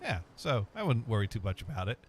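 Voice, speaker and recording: A man's voice: mid-range voice, big pitch swings, fast, a little hiss or hum. Dry-joking man hosting a game stream. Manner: rambling, dry jokes, reads chat aloud. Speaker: streamer host. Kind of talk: casual gaming stream chat. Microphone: webcam and desk mic.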